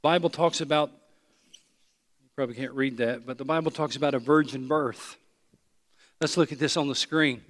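A man preaching a sermon, emphatic and repeating his phrases, sometimes dropping to a hushed voice. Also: medium pitch, fairly even intonation, moderate pace, long pauses. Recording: long hall reverb.

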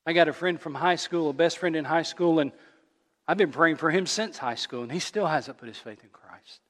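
A male pastor preaching a sermon, telling a story and rising louder and higher at its emotional peaks. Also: normal speed, big-room sound.

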